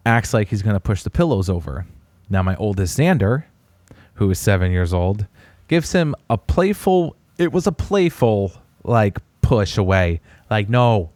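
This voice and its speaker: A man in his thirties tells a family story on his podcast in a loose, animated way. His voice sits on the low side and sounds dry and close to the mic. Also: dry recording. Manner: animated storyteller, puts on high voices when quoting a child. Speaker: podcast co-host. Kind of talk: casual storytelling.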